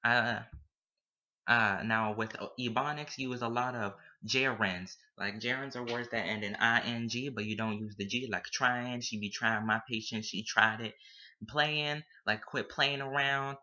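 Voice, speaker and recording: A man's voice: medium pitch, steady tone, moderate pace, bright, forceful tone. A young man, a student, talking casually to camera and playfully dropping Spanish words into his English. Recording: dull lo-fi recording.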